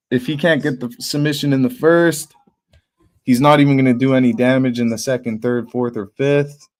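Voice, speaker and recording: A young man calling a fight live on his stream, with a middle-pitched voice. He talks casually and bluntly and throws in slang and swears. His tone moves between flat and fired up. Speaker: livestream host. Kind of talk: live fight watch-party commentary.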